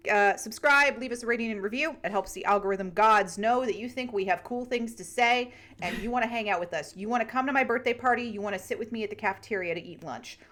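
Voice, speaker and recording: A woman's voice: a little high, quick pace, few pauses. A woman hosting a podcast, gushing about a book in casual chat and reading the show's plugs. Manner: gushing, animated, casual profanity. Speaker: podcast host.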